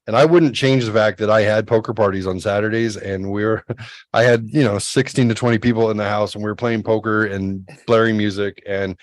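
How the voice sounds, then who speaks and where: Male, 40s, podcast co-host, animated storyteller, voices other people, dry close sound. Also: on the low side, fairly quick, no echo, low-quality recording. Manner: animated, acts out quotes in a raised voice. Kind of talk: casual storytelling chat.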